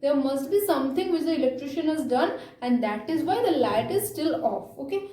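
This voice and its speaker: A woman teaching an English grammar lesson, explaining slowly with frequent fillers and check-ins like "okay?". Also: high-pitched, lively intonation, dark tone, roomy sound, low-quality recording.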